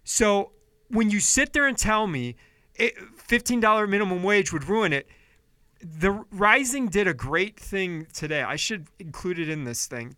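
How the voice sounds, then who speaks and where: A fired-up male podcast host with a bright, forceful voice who swears freely. He rails at his listeners, then pulls back to a calmer, apologetic tone. The sound is close and dry, with no room around it. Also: high voice, clear, resonant tone, no room sound. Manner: heated, profane, swings between yelling and apologetic quiet. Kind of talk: ranting political commentary podcast.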